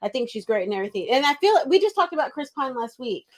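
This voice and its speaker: A woman co-hosting a movie review podcast, chatting casually and trading quick remarks with her partner. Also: high voice, big pitch swings. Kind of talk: casual chat.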